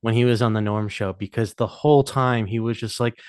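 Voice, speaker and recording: A man's voice: mid-range voice, brisk, few pauses, dry recording, clean studio sound. A man co-hosting a podcast, telling an enthusiastic story and laughing as he talks. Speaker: podcast co-host. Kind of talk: casual chat.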